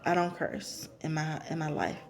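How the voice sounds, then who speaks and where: Woman, casual recap vlogger, somewhat low voice, talkative, repeats her points, no cursing. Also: little pitch movement, moderate pace. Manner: chatty, repeats herself for emphasis; avoids cursing. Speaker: reality TV recapper.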